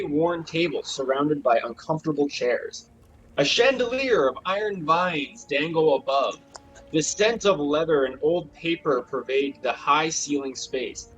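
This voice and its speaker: A man acts as game master, narrating a tabletop role-playing game with lively storytelling energy. His voice sits somewhat high for a man, and faint music plays behind him. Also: low-quality recording. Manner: animated storytelling, does voices.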